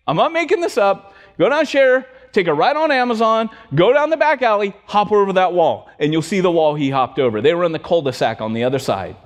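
A man preaching a sermon, telling a story in an animated way and joking with his congregation. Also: high-pitched, a little fast. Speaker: pastor. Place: church sanctuary. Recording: long church hall reverb.

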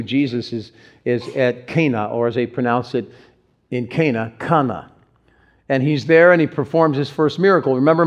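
A man, a pastor, delivering a conversational sermon with dramatic pauses and acted-out quotes. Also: medium pitch, highs cut off.

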